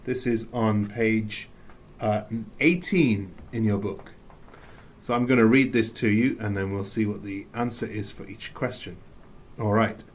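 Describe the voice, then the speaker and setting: A man from England with an English accent, teaching a recorded English lesson, reading slowly and adding playful asides. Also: lowish voice, a little hiss or hum.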